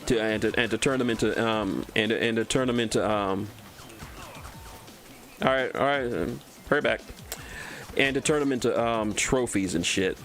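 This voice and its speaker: A man's voice: on the low side, moderate pace, pauses often, fairly bright tone, faint music behind. A man from Texas streaming a game, rambling through cartoon trivia, often stumbling and repeating words and swearing casually. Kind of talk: casual gameplay commentary.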